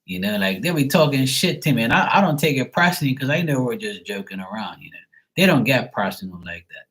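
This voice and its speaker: A man chatting casually to camera, rambling and swearing freely in a relaxed way. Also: medium pitch, fast, poor audio. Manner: rambling, profane, laid-back. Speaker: tarot reader, channel host.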